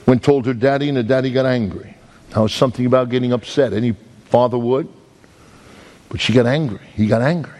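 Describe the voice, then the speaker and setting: Animated male preacher telling a story. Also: medium pitch, a little fast. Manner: animated, acts out sounds and voices, jokes with the congregation. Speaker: evangelist preacher. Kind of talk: storytelling sermon.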